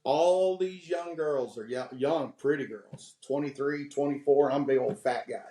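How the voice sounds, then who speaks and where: A man's voice: medium pitch, moderate pace, warm tone, echoey room. A man in his fifties, a podcast guest, telling candid stories with frequent laughs and giving preachy advice. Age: 50s.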